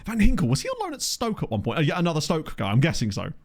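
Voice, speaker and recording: A man's voice: fairly high pitch, wildly swooping pitch, rapid-fire. Chatty Englishman thinking aloud. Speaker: gaming video creator. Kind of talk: casual gameplay commentary. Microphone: desktop USB microphone.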